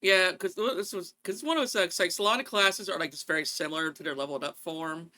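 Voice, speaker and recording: A man's voice: high-pitched, bright, forceful tone, no echo. A man chatting on a gaming podcast, rambling with many fillers as he gives his picks. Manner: fast, rambling, full of fillers. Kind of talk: casual gaming chat.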